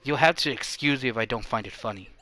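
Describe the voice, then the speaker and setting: A man voicing a young male adventurer, with deadpan sarcasm. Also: medium pitch, fast talker, pitched below the performer's own voice, natural voice. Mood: sarcastic.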